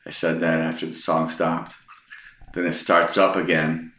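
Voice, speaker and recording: Bright and forceful in tone yet completely flat in delivery, this middle-aged Texas storyteller speaks low and at a measured pace in an echoey room. He relates personal anecdotes casually, rambling and hesitating with plenty of ums and restarts.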